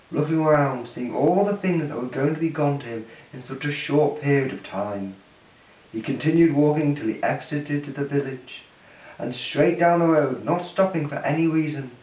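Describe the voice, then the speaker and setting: A man's voice: mid-range voice, far from the mic. Give me a man reading a story aloud, heard from off-mic in an echoey room. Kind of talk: amateur story narration. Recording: dull echoey recording from off-mic.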